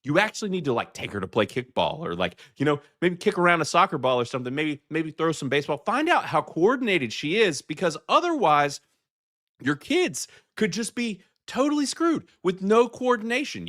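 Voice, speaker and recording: A Southern man hosting a live show and talking straight to his chat. His voice is bright and forward, and the sound is dry and close. He rambles along with fillers and false starts. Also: fairly high pitch, no echo. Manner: rambling, chatty, lots of fillers and restarts. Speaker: podcast host. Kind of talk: live commentary reacting to clips for chat.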